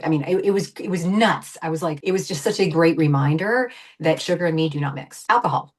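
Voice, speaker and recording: Guest in her fifties, low-pitched woman, chatty and emphatic, loose with fillers. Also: fairly quick, hardly any pauses. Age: 50s. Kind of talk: casual interview chat.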